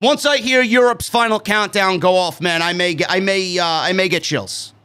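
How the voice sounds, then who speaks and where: A man from New York hosting a live-stream wrestling review, excitable and profane, tacking "man" onto his sentences. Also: high-pitched, moderate pace, clean tone. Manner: excitable, swears freely, keeps saying "man".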